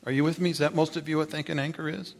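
A man preaching a sermon in a folksy, rambling way, telling a story and acting out the dialogue in a high, excited voice. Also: rapid-fire, noisy background.

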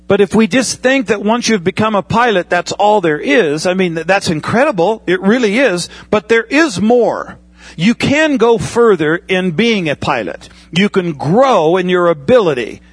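A man's voice: sits high, expressive, normal speed, no room sound. A man preaching a sermon in a conversational way, asking the congregation questions and using everyday comparisons. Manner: conversational preaching with pilot analogies and asides. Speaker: pastor.

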